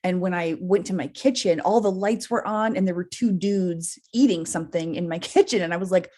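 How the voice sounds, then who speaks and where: A woman's voice: lowish voice, fairly quick, dark tone. A woman co-hosting a podcast, casually telling a long dream story, laughing often and swearing freely. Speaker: podcast co-host. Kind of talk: casual chat, recounting a dream.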